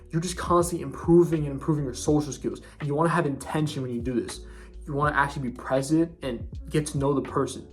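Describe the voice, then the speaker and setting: Young guy, slangy bro advice vlogger, slightly high voice, faint music behind. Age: young adult. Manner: bro-ish slang with frequent restarts. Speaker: self-improvement vlogger. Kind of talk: casual advice monologue.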